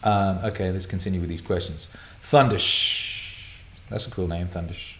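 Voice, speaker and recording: A man hosting a live viewer Q&A broadcast from a home studio, excitable and profane, laughing and rambling as he reads out questions. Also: low voice, normal speed, reverberant, a little hiss or hum. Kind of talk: casual live-stream chat, reading viewer questions.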